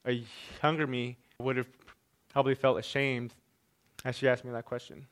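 A young man in his twenties delivers a personal story as a speech, with a stutter that catches on sounds and repeats words. His voice is bright and clean, and he speaks in measured phrases with deliberate pauses. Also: medium pitch, little pitch movement. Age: 20s.

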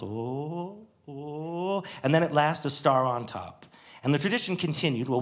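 A man from Canada telling a wry, nostalgic first-person story about his childhood, acting out its moments with lively flair. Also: mid-range voice.

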